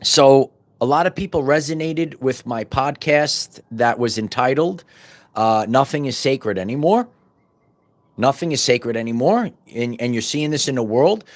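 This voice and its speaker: A middle-aged man hosting a podcast, giving a fervent spiritual monologue full of repetitions and stumbling restarts that rises into loud bursts. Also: medium pitch, animated, a little slow. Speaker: podcast host.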